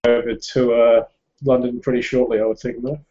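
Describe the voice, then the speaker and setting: A man's voice: medium pitch, level tone, brisk, warm tone. A man playing in an online tabletop game, thinking aloud hesitantly with many ums, heard over dull lo-fi voice chat. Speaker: player.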